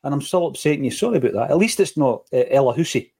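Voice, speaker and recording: A Scottish man in middle age hosts a football podcast, talking through his opinions casually with quick asides. His voice sits at an ordinary middle pitch for a man. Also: lively intonation, a little mellow, slightly rough. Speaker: podcast host.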